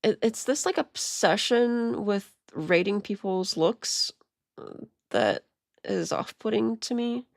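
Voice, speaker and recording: Woman streamer rambling along, super gravelly fry in her voice, dry close sound, lots of restarts. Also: mid-range voice, takes it slowly, dry recording. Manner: rambling, stammering restarts, quiet muttered asides. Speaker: streamer reacting to videos. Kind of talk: casual live-stream commentary.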